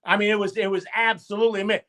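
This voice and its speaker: Bright, high-voiced emphatic football coach. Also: male voice, little pitch movement, very fast. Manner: emphatic and repetitive, rallying with "okay?" and "I'm gonna tell you what". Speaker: football coach, interview guest. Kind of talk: animated storytelling in a live stream interview.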